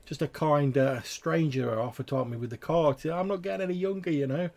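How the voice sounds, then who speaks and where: Fields: a man doing an older cart man, humble and stammering, raised and gravelly. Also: on the high side, brisk, a little mellow, voice pushed up. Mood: flustered polite. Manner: hesitant, stammering politeness.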